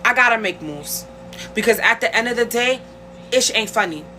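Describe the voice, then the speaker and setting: A woman's voice: fairly high pitch, animated, moderate pace, bright, forceful tone, a little hiss or hum. A woman hosting a casual livestream from a rehab nursing home room, speaking bluntly and heatedly and talking back to her viewers. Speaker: livestream host. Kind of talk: casual livestream rant to commenters.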